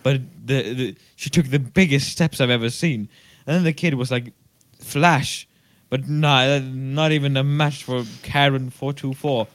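A man co-hosting a podcast, telling a rambling story full of fillers and acted-out shouts. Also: mid-range voice, steady tone, unhurried, no echo. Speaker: podcast co-host. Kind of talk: casual chat.

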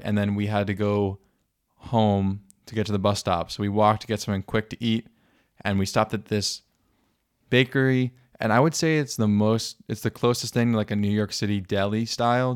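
A man's voice: on the low side, fairly even intonation, brisk, smooth, dry recording, clean studio sound. A young American man co-hosting a podcast, telling stories in an enthusiastic, casual way. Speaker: podcast co-host. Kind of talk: casual chat.

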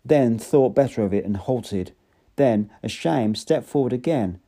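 A man's voice: mid-range voice, animated, measured pace, dark tone. A man narrating an audiobook in an unpolished reading with occasional slips and restarts.

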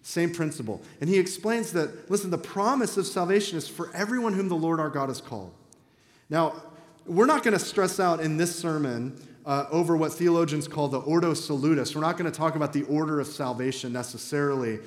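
Guy pastor preaching, kinda high voice, chatty but punchy, big echoey church hall. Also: a little fast. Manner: conversational, emphatic preaching with rising intensity. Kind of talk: sermon. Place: church sanctuary.

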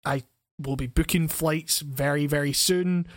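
A young man with a Scottish accent chats casually, his voice sitting a little high and sounding dry and close. He tells rambling, profane stories and laughs often. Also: measured pace, no echo. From Scotland. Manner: profane, animated storytelling with frequent laughs. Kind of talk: casual chat.

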